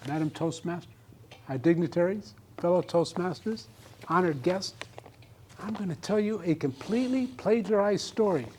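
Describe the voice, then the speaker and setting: A man's voice: high-pitched, a little mellow, slight background noise. A man giving a humorous speech at a club meeting, telling a comic story to a live audience. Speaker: club speaker.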